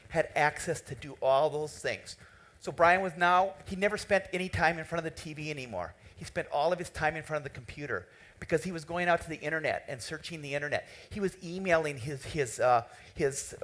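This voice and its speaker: A man giving a conference keynote in a hall, telling a story with lively quoted dialogue. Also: a little high. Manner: animated, tells a story and quotes the people in it. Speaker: keynote speaker.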